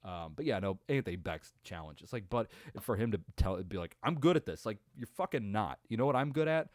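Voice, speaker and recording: A man's voice: lowish voice, lively intonation, fairly quick, no echo, clean studio sound. Profane rambling man ranting about sports. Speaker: podcast host. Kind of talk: casual sports reaction rant.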